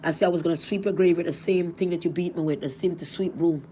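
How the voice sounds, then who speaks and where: A middle-aged woman from Jamaica with a Jamaican accent, telling her life story in a rambling, animated way. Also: fast, slight background noise. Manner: rambling, animated, rising to cries at high points. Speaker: vlogger. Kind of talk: emotional storytelling.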